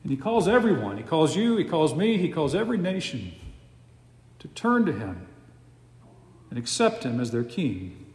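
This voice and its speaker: A man preaching a sermon with a slow, emphatic cadence and dramatic pauses, recorded in a large church sanctuary. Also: a little high, very animated, darkish tone. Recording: echoey hall with long reverb.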